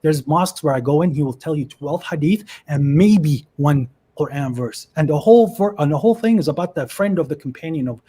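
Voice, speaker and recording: Speaking a little fast with hardly any pauses, this livestream guest, a man in his twenties on a video call, shares his story with earnest emotion. His voice is a little high and warm with a breathy edge and lively intonation.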